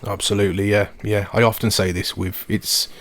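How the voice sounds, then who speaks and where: Podcast host, male, Telford accent, low voice, dry close studio sound, chatty and loose. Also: little pitch movement, fairly quick, a bit bright, no echo. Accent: Telford English. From Telford, England. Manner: chatty, rambling, many fillers. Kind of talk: casual podcast chat.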